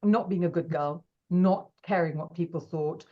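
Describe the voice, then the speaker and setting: A middle-aged woman, a podcast guest telling stories in a lively, animated way and acting out quoted voices. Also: fairly low pitch, normal speed, dull audio. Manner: animated, acts out quoted voices, laughs often. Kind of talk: casual interview storytelling.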